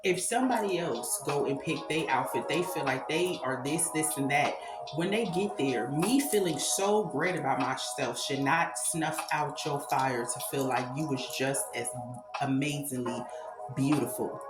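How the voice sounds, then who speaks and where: A woman with a deep, low voice delivers an impassioned, preachy spiritual monologue, cursing freely as she drives her points home. Her voice rings in a roomy, echoing space, with loud music playing behind her. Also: a little slow. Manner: emphatic and preachy, swearing freely. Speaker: spiritual content creator.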